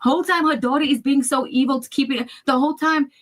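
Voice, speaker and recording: A woman's voice: high-pitched, steady tone, quick pace. A woman telling a personal family story. She retells it vividly and acts out what other people said.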